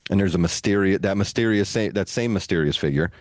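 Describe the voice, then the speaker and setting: Low-voiced man telling a story. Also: quick pace, no echo, studio quality. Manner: animated, relaxed storyteller with playful asides. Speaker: podcast co-host. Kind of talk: casual storytelling.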